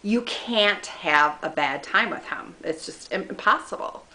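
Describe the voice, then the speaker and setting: A woman casually telling funny personal stories about a friend, animated and self-mocking, laughing as she goes. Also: on the low side, measured pace.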